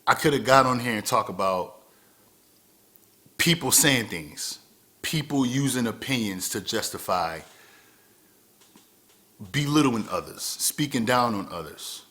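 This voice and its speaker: Earnest guy in his 30s doing a motivational vlog, lowish voice, keeps repeating himself to drive it home. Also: expressive, a little slow, sharp tone. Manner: earnest, repeats phrases for emphasis. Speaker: vlogger. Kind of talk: motivational talk to camera.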